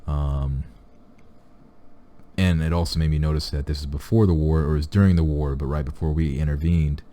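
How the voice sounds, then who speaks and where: Brief: young male reaction host, very low dark voice, rambling loose chat. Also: fairly even intonation, normal speed. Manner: rambling, full of fillers and restarts. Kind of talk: casual chat.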